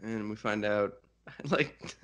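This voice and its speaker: A man's voice: on the low side, slow, clean tone. A man co-hosting a casual book-club podcast, retelling scenes with frequent laughter. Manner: giggly, animated retelling. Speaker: podcast co-host.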